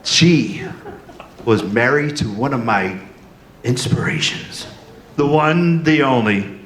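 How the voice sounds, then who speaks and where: A man's voice: mid-range voice, animated, takes it slowly. Nervous, gushing male panel moderator. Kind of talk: excited live panel hosting. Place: convention hall stage. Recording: roomy hall with noise.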